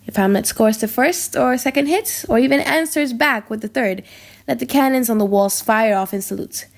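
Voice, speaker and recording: A woman's voice: fairly high pitch, gravelly. A woman reading the lines of a scheming older king in an audiobook drama, commanding and ceremonious.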